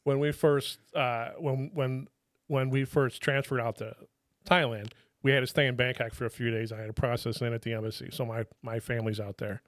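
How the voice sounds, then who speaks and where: Man, 50s, podcast guest, casual profane storytelling, restarts, mid pitch, dry sound. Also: fairly even intonation, fairly quick, no room sound. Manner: colloquial, profane, restarts with laughs. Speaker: podcast guest, retired federal drug agent.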